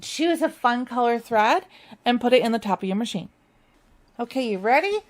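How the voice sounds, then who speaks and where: A woman's voice: fairly high pitch, animated, normal speed. A woman leading a machine embroidery tutorial, chatty and enthusiastic as she walks viewers through each step. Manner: upbeat, chatty, enthusiastic about stitching. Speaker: sewing instructor.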